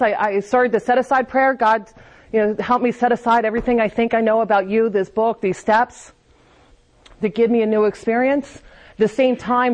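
A woman's voice: a little high, darkish tone. Candid woman giving a testimony talk. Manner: candid, confessional, with frequent restarts. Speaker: speaker at a recovery meeting.

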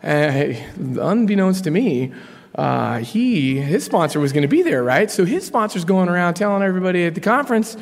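A man in his thirties from Colorado sharing his personal story from a podium, casual and animated with slang. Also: high voice, moderate pace, creaky. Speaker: speaker sharing his story at a recovery meeting. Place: large conference hall. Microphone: podium mic. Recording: long hall reverb.

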